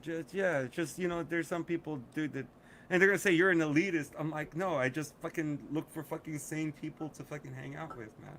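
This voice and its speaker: A man's voice: fairly high pitch, steady tone, fairly quick, fairly bright tone. Profane ranting middle-aged man. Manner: profane, ranting, laughs often. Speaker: podcast co-host. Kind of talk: casual chat.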